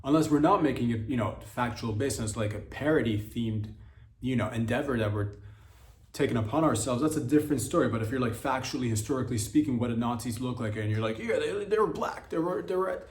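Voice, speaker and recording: A man's voice: mid-range voice, quick pace, reverberant. A man hosting a comedy podcast, ranting casually in a rambling, profane style with many restarts.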